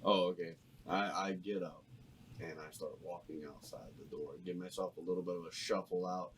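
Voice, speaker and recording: A man's voice: deep voice, steady tone, normal speed, a little hiss or hum. A man playing a tabletop game, talking playfully in a mock-formal character voice. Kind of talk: in-character role-play.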